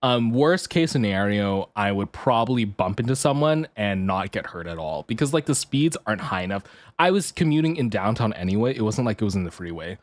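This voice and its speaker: A man's voice: on the low side, expressive, a little fast, no room sound. A man streaming casually as a VTuber. He swears, laughs often and rants half-jokingly. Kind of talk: casual live-stream chat.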